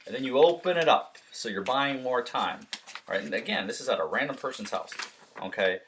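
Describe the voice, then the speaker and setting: A man's voice: medium pitch, lively intonation, moderate pace, a bit bright, far from the mic, a little hiss or hum. A man giving a casual, upbeat sales training talk, full of fillers and acted-out doorstep role-play. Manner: upbeat, friendly, lots of fillers.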